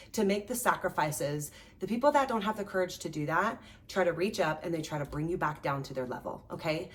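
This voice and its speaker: A lively woman coach talks to her listeners in a loose, chatty motivational style. Her voice sits a little low and comes across slightly distant from the mic. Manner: animated, chatty, peppered with "like" and "right?". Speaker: host and life coach. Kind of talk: motivational talk.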